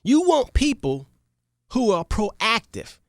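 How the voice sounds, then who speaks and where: A radio talk show host retelling a parable to listeners, animated and repetitive, checking in with the audience. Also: mid-range voice, slow pace, dry recording, studio quality.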